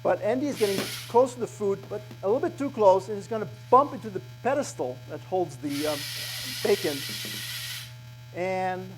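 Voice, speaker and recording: A man's voice: high-pitched, animated, normal speed, noisy background. A man giving a technical conference talk to an audience, hesitant and good-humored, with many fillers and restarts. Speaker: conference speaker. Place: conference room.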